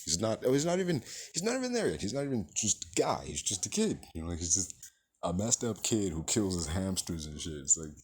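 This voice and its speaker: A man's voice: deep voice, sing-song, brisk, darkish tone, husky. A man giving a casual, rambling film review, swearing freely and filling his sentences with "like" and "you know.". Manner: rambling, profane, heavy use of filler words. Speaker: movie reviewer.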